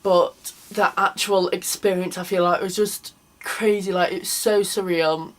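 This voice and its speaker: A woman's voice: lowish voice, steady tone, unhurried, rough recording. Chatty young woman. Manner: chatty, lots of "like", acts out quoted people. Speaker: vlogger. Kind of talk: casual storytelling to camera.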